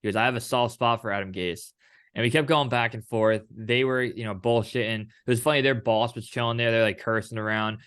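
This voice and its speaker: A young man co-hosting a relaxed chat, retelling exchanges with animation and playing out each side himself. He curses freely, and his voice sounds close and dry, with no room around it. His pitch sits in a middling range. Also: fairly quick, clean tone, dry recording. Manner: animated storyteller, acts out quoted exchanges; casual, swears freely. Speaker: co-host. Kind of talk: casual chat.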